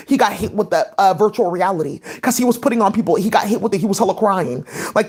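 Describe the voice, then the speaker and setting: A woman vlogging in a quick, tumbling stream of talk. Her thoughts jump from one thing to the next, held together by "like" and "um". Her voice sits at an ordinary middle pitch. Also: darkish tone. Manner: rapid, scattered, many "like" fillers. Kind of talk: rambling casual monologue.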